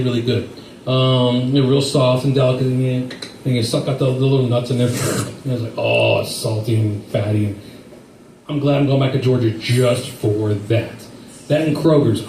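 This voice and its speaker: A man's voice: medium pitch, warm tone, echoey room, recorded from a distance, a little hiss or hum, rough recording. A middle-aged man doing a rambling, self-deprecating stand-up set, acting out quotes along the way. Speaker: stand-up comedian.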